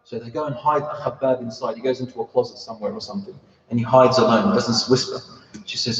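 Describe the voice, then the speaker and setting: A man's voice: medium pitch, lively intonation, quick pace. A man giving a storytelling sermon in a mosque hall, acting out the characters' lines as he tells the story. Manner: acts out the characters' voices in the story. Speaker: speaker giving a talk. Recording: far-off roomy hall recording, dull and muffled.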